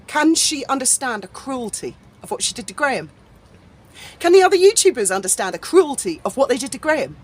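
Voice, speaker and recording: A woman's voice: high-pitched, sing-song, a little fast, husky. Ranting, sarcastic woman vlogger. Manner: sarcastic, swearing, indignant. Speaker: YouTube commentator. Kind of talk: angry ranting vlog.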